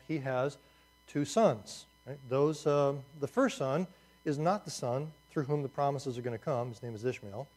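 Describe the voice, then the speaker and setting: A man gives a lively, jokey lecture in a slightly high voice, throwing in asides as he walks his listeners through a map. He tells it like a story. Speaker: teacher. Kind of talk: Bible survey lecture.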